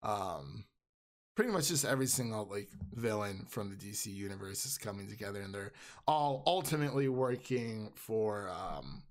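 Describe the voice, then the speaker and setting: A man's voice: on the low side, expressive, normal speed. A man co-hosting a casual movie review podcast, laughing often and restarting his sentences. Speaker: podcast co-host.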